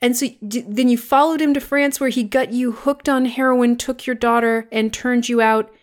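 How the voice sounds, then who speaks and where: A woman co-hosting a podcast, recapping a film in casual chat with sarcastic, animated storytelling and plenty of swearing. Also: a little high, moderate pace. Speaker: podcast co-host.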